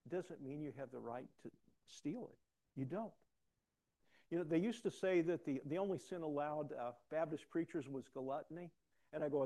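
Older guy preaching, chatty and rambling, stumbles over his words a lot, dark mellow voice. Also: medium pitch, moderate pace. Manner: folksy, rambling, repeats words when starting a thought. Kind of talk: conversational sermon.

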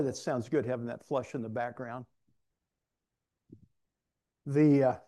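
A man's voice: a little high, dark tone. Candid man telling his story. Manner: candid storytelling with self-deprecating humor. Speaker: preacher. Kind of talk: testimony sermon. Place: room with an audience.

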